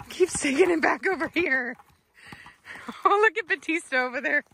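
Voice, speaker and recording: A woman's voice: high voice, lively intonation, slow pace, pushed and bright, a little hiss or hum. A woman, filming a casual vlog outdoors as she plays with her dogs, laughing and calling commands to them.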